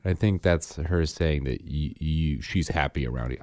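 A man in his thirties chatting casually as a podcast co-host and father, telling stories in an animated way and acting out the quotes. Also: rumbling low, moderate pace, no room sound, clean studio sound. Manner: animated storytelling, acts out quotes. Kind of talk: casual chat.

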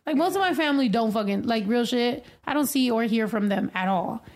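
A woman's voice: fairly high pitch, lively intonation, a little fast, darkish tone. Profane, laughing woman rapper in her thirties. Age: 30s. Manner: profane and emotional, laughs often. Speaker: livestream host and rapper. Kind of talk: casual chat.

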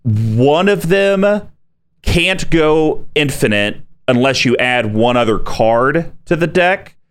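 A man co-hosting a casual chat, calmly explaining a game plan step by step. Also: a little high, takes it slowly, clear, resonant tone. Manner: relaxed, explains strategy step by step. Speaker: podcast co-host.

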